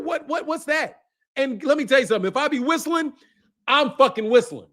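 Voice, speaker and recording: A man with a fairly high speaking voice hosts a boxing livestream in a loose, profane rant. He laughs between lines and keeps tacking "bro" onto them. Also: animated, fairly quick, sharp tone.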